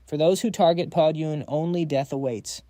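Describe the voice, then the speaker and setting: A man voicing a cold, calm young noble who leads mercenaries and speaks flatly without emotion. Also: fairly high pitch, normal speed, no echo, studio quality, natural voice. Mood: icy. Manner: flat, emotionless, cutting.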